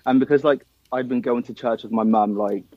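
A man's voice: medium pitch, fairly quick, no room sound, dull audio. A young man from Nigeria, a band's drummer, chatting casually in an interview and often saying "um" and "man". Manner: relaxed, filler-heavy, says man and dude. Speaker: band drummer.

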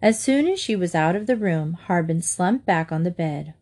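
A woman narrating a children's storybook in a lively, expressive way. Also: fairly low pitch, normal speed.

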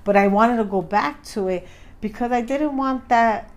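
A woman's voice: fairly high pitch, normal speed. A young woman co-hosting a podcast, talking in a chatty, rambling way and acting out her own reactions. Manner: chatty, rambling, animated retelling. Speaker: podcast co-host. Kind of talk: casual chat.

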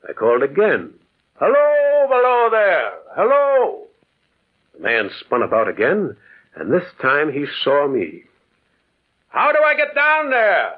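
A solitary man haunted by memories, telling his tale with mournful feeling. His husky voice rises and falls in a lively way. It comes through a tinny, phone-like old radio broadcast. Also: medium pitch, moderate pace. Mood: calling out. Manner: wistful, mournful storytelling. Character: lonely brooding man Kelsey, haunted by memories. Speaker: narrator and lead character. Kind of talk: 1940s radio acting.

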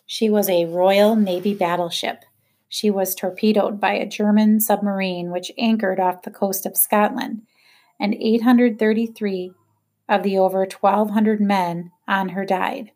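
A woman reading a children's novel aloud, in a steady, measured first-person narration. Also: mid-range voice. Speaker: audiobook reader.

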